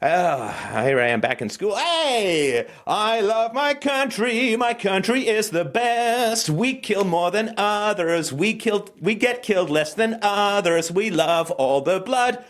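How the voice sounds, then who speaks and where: A man's voice: high voice, lively intonation, takes it slowly, hardly any pauses, fairly bright tone, voice pushed up, heavily acted. A man putting on the voice of a whiny, bored young child, whining in a sing-song way.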